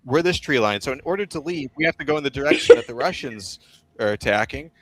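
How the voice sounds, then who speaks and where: A man with a mid-range voice, recounting frontline stories as a stream guest. He swears constantly and talks bluntly, with a dry, dark sense of humor. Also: mid-range voice, a little fast, no echo. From United States. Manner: profane, blunt, heavy swearing. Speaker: guest, foreign volunteer soldier. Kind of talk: casual war storytelling on a stream.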